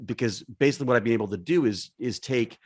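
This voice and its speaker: A man, an actor guest, musing with lots of restarts and trailing off softly at the ends of his thoughts. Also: medium pitch, fast talker, no room sound, studio quality. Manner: hesitant, restarts often, trails off quietly. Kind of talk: casual reflective chat on a video call.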